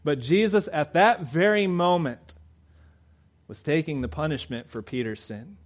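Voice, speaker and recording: A man's voice: a little high, lively intonation, measured pace. Fervent male preacher. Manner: building from quiet reflection to loud, fervent emphasis. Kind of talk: sermon.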